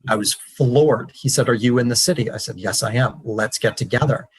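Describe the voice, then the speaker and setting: A man, a podcast guest and author, telling his story in an earnest, animated way. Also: medium pitch, normal speed, a crowd in the background, low-quality recording. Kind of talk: storytelling interview.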